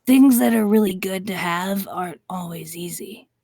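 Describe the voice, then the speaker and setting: A woman voicing a kind young girl in a tabletop role-play, gently encouraging and coaxing. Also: mid-range voice, normal speed, no echo, clean studio sound, close to an everyday voice. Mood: reassuring. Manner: soft, reassuring, coaxing.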